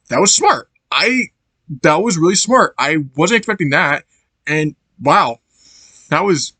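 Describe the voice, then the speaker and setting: A man's voice: a little high, a bit bright, no echo. A man casually reviewing a movie for his channel, rambling and searching for words as he laughs along.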